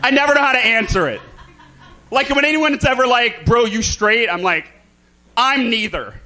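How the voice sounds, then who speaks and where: Guy doing campy standup, slight lisp, high bright voice, talks right at the crowd. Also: lively intonation. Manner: campy, theatrical, quick asides to the crowd. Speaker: stand-up comedian. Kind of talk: live stand-up comedy. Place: comedy club stage with a live audience.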